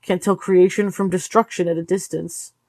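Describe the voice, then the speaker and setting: A woman reading the part of a young small-town police officer, musing and brisk. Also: on the low side, level tone, darkish tone, dry recording, studio quality, natural voice.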